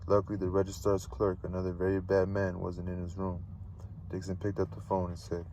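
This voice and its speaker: A man reading a novel aloud, steady but stumbling and repeating words now and then. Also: sits low, a little fast, recorded from a distance, slight background noise, low-quality recording. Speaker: read-aloud narrator.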